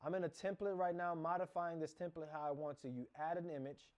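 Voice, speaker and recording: A man's voice: on the high side, fairly even intonation, brisk, a little mellow. A man teaching a casual screen-share lesson, talking through each click as he goes, often restarting and correcting himself. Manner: rambling, self-correcting, talks through clicks. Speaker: course instructor.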